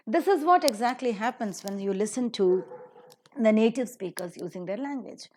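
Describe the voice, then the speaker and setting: A woman's voice: a little high, a little mellow. Woman teaching pronunciation. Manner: slow, deliberately stressed example sentences. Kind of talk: recorded lecture.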